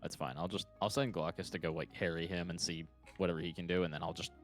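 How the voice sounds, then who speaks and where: A man's voice: sits low, fairly even intonation, fast, soft background music. A man playing a tabletop role-playing game, talking with hesitant fillers and speaking for his character. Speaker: player.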